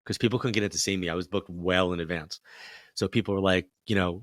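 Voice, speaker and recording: A man's voice: deep voice, quick pace, dry recording, studio quality. A middle-aged man, a psychic medium guest, telling a story in a casual interview, with lots of fillers and acted-out quotes. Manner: animated storyteller who acts out quoted voices, many fillers.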